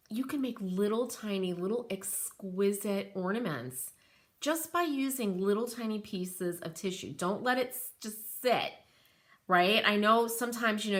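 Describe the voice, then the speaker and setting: A woman's voice: mid-range voice, a bit bright. A middle-aged American woman hosting a live crafting stream, talking in a chatty, rambling way and reading out viewer comments. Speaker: craft channel host.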